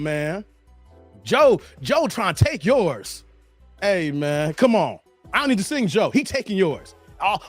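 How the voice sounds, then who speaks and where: A man hosting casual reaction commentary, animated and loose, often breaking into snatches of song. His voice sits high and swings widely in pitch. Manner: animated, breaks into singing song hooks and laughs. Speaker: reaction video host.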